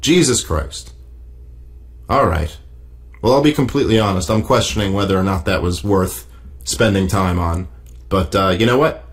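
A man's voice: sits low, normal speed. A man hosting a solo podcast, reading an article aloud and tearing into it in a profane, exasperated, mocking way. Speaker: podcast host.

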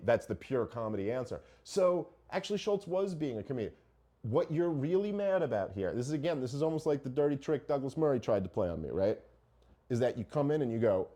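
A middle-aged podcast host argues his point in casual, profane chat packed with rhetorical questions. His voice is medium-pitched and mellow.

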